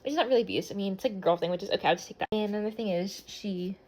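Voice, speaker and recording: A woman's voice: mid-range voice, racing, darkish tone, slight background noise. A young woman talking to her phone camera at home while doing her makeup, rambling and scattered as she pours out a personal confession. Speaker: vlogger. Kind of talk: emotional get-ready-with-me confessional.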